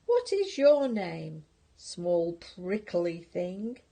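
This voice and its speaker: A woman's voice: very animated, very slow, vocal fry, warm tone, exaggerated voice. An older woman voicing a big, rude male rhinoceros who keeps bursting into laughter, for a storybook reading. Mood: gruff. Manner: booming, teasing, breaks into laughter.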